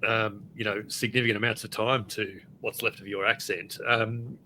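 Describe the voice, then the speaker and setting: A man's voice: lowish voice, level tone, moderate pace, pushed and bright, slight background noise. A man hosting a casual podcast chat, asking questions and steering the conversation. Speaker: podcast host.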